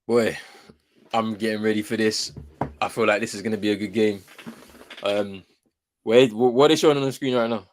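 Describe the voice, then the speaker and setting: A man's voice: fairly low pitch, fairly even intonation, brisk, pauses often, slight background noise. A man co-hosting a casual football watchalong, talking in laid-back, slangy banter. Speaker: co-host.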